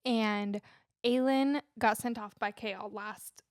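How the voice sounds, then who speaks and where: A woman co-hosting a relaxed book podcast in a bright, slightly high voice. Her sound is close and dry with no room around it. She talks easily and laughs often while she sums up the story. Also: takes it slowly, dry recording. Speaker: podcast co-host. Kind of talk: casual chat.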